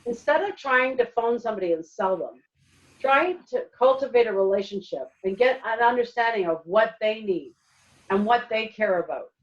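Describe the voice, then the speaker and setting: Woman presenter, webinar, chatty and lively, a bit high, distant dull call audio. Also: moderate pace. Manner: lively, chatty, many fillers. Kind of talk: webinar talk.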